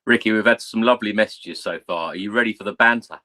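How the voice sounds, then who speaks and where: A man's voice: lowish voice, quick pace, sharp tone. A man hosting a podcast, asking friendly questions and reading out listener messages. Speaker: podcast host. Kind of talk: casual chat.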